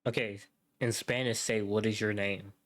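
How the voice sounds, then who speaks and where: A man's voice: fairly low pitch, steady tone, moderate pace, fairly bright tone, a little hiss or hum. A male streamer taunting and swearing crudely in casual trash talk.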